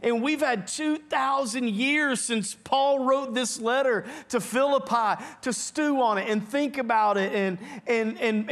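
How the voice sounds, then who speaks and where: High-voiced preaching pastor, emphatic. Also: male voice, a bit bright. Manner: earnest, emphatic preaching with quick repeated restarts. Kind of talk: sermon. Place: church sanctuary.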